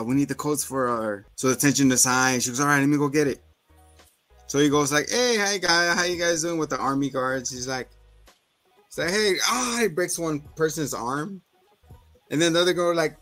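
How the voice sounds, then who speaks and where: A man's voice: a little high, fairly bright tone. Profane, laughing man retelling a show. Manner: loose and profane, acting out scene lines with laughs. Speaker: podcast co-host. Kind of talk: casual chat recapping a TV episode.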